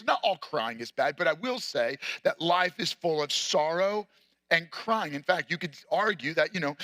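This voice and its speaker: A man's voice: fairly high pitch, pushed and bright, no room sound. A man, a pastor preaching a sermon in a conversational way, full of rhetorical questions.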